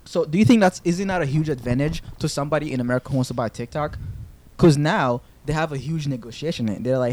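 A young man hosting a podcast, telling a story in casual chat, animated, with swearing and laughter. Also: on the high side, fast. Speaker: podcast host. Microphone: podcast microphone.

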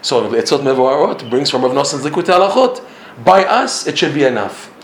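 A man's voice: medium pitch, animated, brisk. A man giving a religious lecture in an emphatic way, often repeating himself and chuckling. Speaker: religious teacher. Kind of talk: Torah lecture. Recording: roomy echo.

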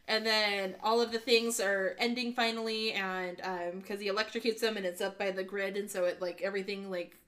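A woman co-hosting a podcast, casually retelling a film scene by scene with lively quoted lines and laughter. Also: mid-range voice, brisk, few pauses. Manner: animated retelling, acting out lines, frequent laughs. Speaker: podcast co-host. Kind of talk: casual movie recap chat.

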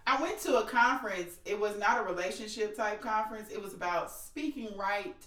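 A woman co-hosting a casual chat, animated and dramatic, with big exclamations. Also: mid-range voice, a little fast, recorded from a distance. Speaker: podcast co-host. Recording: echoey room, a bit off mic.

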